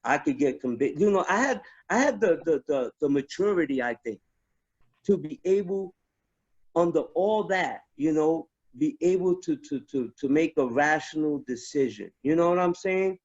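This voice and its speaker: A fairly high-voiced man tells stories from his army days in a loose, profane chat, piling on restarts as he goes. The recording sounds dull and lo-fi. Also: moderate pace. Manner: profane, animated, many restarts. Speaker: guest, army veteran. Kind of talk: casual storytelling chat.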